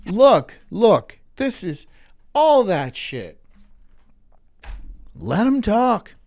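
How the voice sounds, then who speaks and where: A woman's voice: medium pitch, sing-song, extremely slow, a little mellow. A woman hosting a livestream, talking casually while reacting to clips, swearing and repeating herself. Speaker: livestream host.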